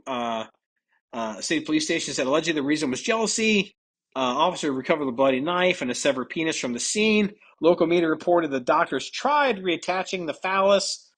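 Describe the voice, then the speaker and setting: A man's voice: on the high side, expressive, normal speed, fairly bright tone. A man hosting a casual podcast, reading odd news stories aloud and laughing and joking about them. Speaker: podcast host.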